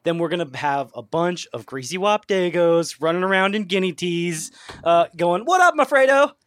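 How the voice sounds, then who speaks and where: A man from an Italian-American family co-hosting a podcast, chatting in an animated, laughing, jokey way. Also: fairly high pitch, moderate pace, smooth, dry recording. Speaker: podcast co-host. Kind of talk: casual comedic banter.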